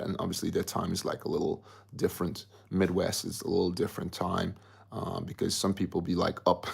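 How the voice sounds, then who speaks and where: A man's voice: low voice, gravelly, husky. A man hosting a casual livestream, rambling and chatty as he reads out viewer comments. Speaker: livestream host.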